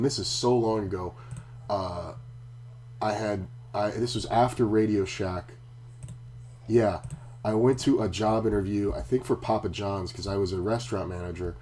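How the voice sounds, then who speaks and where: Profane ranting man, dark voice. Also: fairly low pitch, a little hiss or hum. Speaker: poker streamer. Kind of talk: casual live-stream chat.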